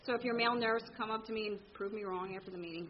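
A woman telling her recovery story to a meeting, candid and animated, acting out the people in it. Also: medium pitch, rapid-fire, muffled recording. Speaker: speaker sharing at a recovery meeting. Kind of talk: personal story told to a meeting.

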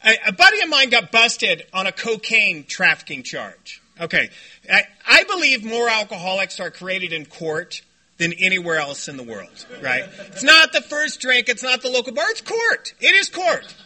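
A man speaking to a recovery meeting, telling stories in an animated, joking way and shouting when he acts out what others said. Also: high-pitched, normal speed. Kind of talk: storytelling talk to a meeting. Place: meeting room before a group.

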